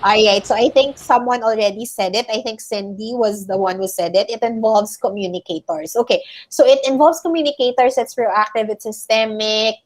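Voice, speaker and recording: A Filipino-accented woman teaches a class over a video call, her voice sitting fairly high. She explains patiently and keeps checking in with her listeners between points. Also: normal speed, few pauses. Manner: explains patiently, often checking in with "okay?" and "all right?". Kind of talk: online class lecture.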